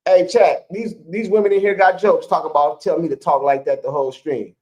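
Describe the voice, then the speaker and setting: Man, high voice, casual streamer, slangy, chatty with viewers. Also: steady tone, fairly quick, a little mellow, lo-fi sound. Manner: slangy, talks to the chat, laughs often. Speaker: live stream co-host. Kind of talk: casual live stream game chat.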